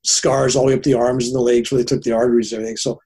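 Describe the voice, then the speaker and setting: Older man telling a rambling story, mellow voice. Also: medium pitch, rapid-fire, breathy edge. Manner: rambling, animated, frequent "right?" tags. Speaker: guest. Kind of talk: casual storytelling in an interview.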